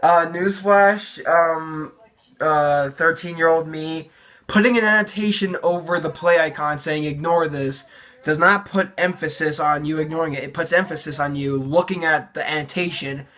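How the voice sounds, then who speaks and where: A teenager talks through a casual reaction video, poking fun at their own early work with dry sarcasm. The voice sits at an everyday middle pitch, and the delivery is loose and full of fillers and restarts. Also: fairly even intonation, normal speed, fairly bright tone. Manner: sarcastic, self-mocking, many fillers. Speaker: YouTuber reviewing own old videos.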